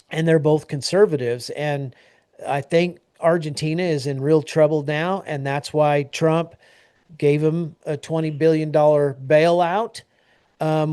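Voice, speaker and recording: Plainspoken American man, slightly high voice. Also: a little mellow, no echo, studio quality. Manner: plainspoken, rambling with frequent fillers and restarts. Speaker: co-host of an agriculture news show. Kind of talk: casual news discussion.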